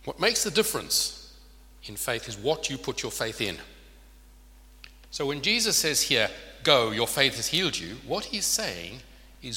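In a large hall with long, lingering reverb, a man delivers an earnest sermon, frequently asking his audience rhetorical questions. His mid-range voice swings widely in pitch, and his unhurried delivery sounds bright and forceful.

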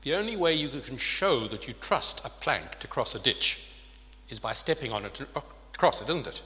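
A man's voice: mid-range voice, very animated, moderate pace, bright, forceful tone. Man preaching in an echoing hall. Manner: earnest, asks the listeners rhetorical questions. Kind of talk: sermon. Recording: long reverb of a large hall.

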